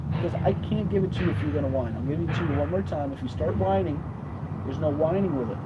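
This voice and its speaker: A young man streaming casually and swearing freely, often going high and sing-song while scolding his dog. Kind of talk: casual livestream chat. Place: outdoors by a street, later indoors. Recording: outdoor mic with loud traffic noise.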